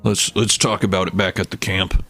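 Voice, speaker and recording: Low voiced guy playing a tabletop game, laid back. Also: flat delivery, moderate pace, fairly bright tone, soft background music. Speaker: player. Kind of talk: casual tabletop play.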